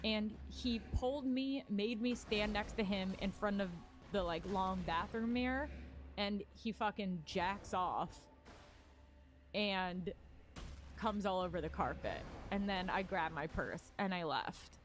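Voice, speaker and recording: A woman's voice: medium pitch, a little slow, faint music behind. A woman comedian telling a candid personal story in casual talk, rambling with many fillers and some swearing. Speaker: stand-up comedian.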